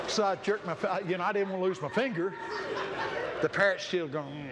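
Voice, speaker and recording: Casting: older male preacher, high and animated voice, folksy storyteller, noisy live church recording. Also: a little fast. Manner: folksy, acts out voices, laughs often. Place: church sanctuary.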